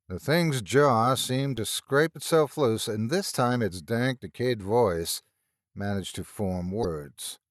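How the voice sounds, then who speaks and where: A man's voice: medium pitch, slow pace, no room sound, clean studio sound. A man narrating a scripted horror story in a tense, dramatic storytelling manner.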